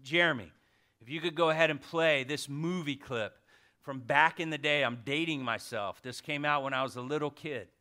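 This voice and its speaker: A man in his thirties preaching a casual sermon, swinging from loud exhortation to hushed emphasis. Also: a little high, moderate pace.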